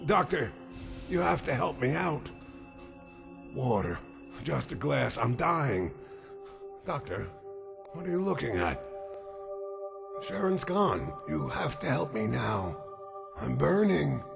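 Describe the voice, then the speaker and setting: A man's voice: a little high, wildly swooping pitch, measured pace, vocal fry, pauses often, long reverb tail, music in the background, heavily acted. An actor playing a feverish dying man who pleads, rages and refuses to accept his death, in a dubbed drama. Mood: desperate pleading. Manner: pleading, then bitter and defiant.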